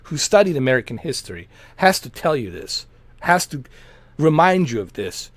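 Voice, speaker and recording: A man's voice: fairly high pitch, sing-song, normal speed, no room sound. A middle-aged man from Bosnia, a livestream host giving an impassioned political rant, emphatic and earnest, repeating his points.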